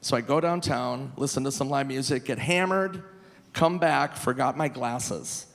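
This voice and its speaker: A man in his forties performing a live stand-up comedy set, animated and loose, breaking into squealing high voices for punchlines. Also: unhurried, creaky. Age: 40s. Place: large theater stage. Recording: live venue with long reverb, faint noise.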